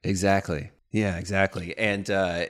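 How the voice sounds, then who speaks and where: A young adult man telling a comedic personal story as a podcast guest, animated and profane. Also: deep voice, unhurried. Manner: animated, profane, acts out quoted dialogue.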